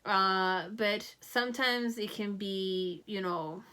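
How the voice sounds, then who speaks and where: Slow, meandering woman tarot reader. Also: medium pitch, steady tone, bright, forceful tone, smooth. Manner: meandering, thinking aloud with many fillers. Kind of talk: pick-a-card tarot reading.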